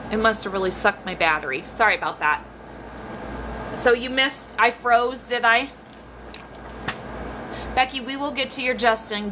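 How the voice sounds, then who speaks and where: A woman's voice: mid-range voice, background noise. A woman talking casually on a phone livestream as a medium, chatty and laughing often, stopping to fix her phone. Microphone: phone on a tripod.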